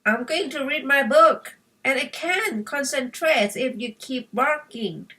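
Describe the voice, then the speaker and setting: Fed-up young boy snapping at his dog, read by a woman; storybook, raised and high. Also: takes it slowly, bright, forceful tone, far from the mic, heavily acted. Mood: scolding.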